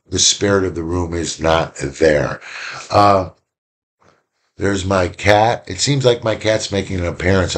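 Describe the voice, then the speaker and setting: A man giving a casual recorded lecture from home, rambling and conversational with many fillers and restarts. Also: low voice. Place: home room.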